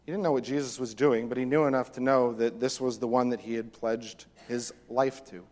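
A man preaching a sermon as pastor, animated, acting out voices from the text. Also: mid-range voice, fairly quick. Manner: animated, acts out the disciples' lines. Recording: long reverb of a hall.

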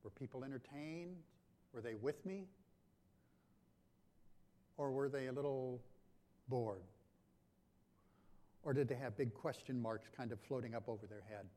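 A man's voice: mid-range voice, measured pace, pauses often, warm tone. A pastor giving a conversational sermon, asking his congregation questions. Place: church sanctuary. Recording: long hall reverb.

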